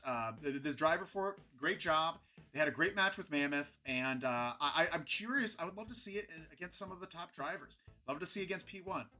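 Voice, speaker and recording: Male host, casual stream commentary, lively swings, bright tone, faint music under. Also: fairly high pitch. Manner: rambling, animated, chatty with frequent restarts. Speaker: host of a robot combat recap show.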